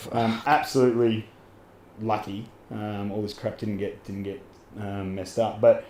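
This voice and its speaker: A man's voice: fairly low pitch, steady tone, a little slow, a little mellow. A man with an Australian accent, a podcast guest telling a story casually, laughing often and swearing in Aussie slang. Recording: echoey room with faint ambient noise.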